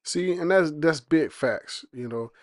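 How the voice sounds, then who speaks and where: A man's voice: fairly high pitch, a little slow, no echo, studio quality. A man giving reaction commentary on a clip, talking in a scornful, mocking way.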